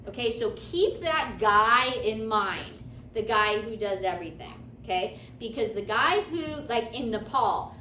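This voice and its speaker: A woman's voice: fairly high pitch, bright, forceful tone, a little hiss or hum. A woman teaching a class, lecturing and often checking in with her students. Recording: echoey classroom from far off.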